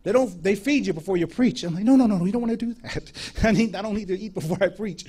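A man preaches from the pulpit, telling stories with plenty of energy. He acts out the voices of the people in his stories and laughs often. His voice sits fairly high for a man. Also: fast, dark tone, husky. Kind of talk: sermon storytelling.

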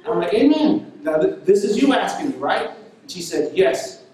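A man preaching a sermon and telling a story in an animated way, laughing now and then. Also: high-pitched, normal speed, very echoey, recorded from a distance, low-quality recording.

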